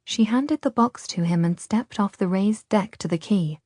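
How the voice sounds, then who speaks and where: Calm and measured, a woman reads an audiobook in a storytelling style. She has a medium pitch, and the recording is studio quality with no echo.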